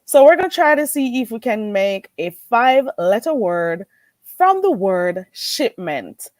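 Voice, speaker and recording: A woman hosting a casual livestream, greeting viewers in a playful, animated way and laughing often. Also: fairly high pitch, measured pace, dry recording. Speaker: livestream host.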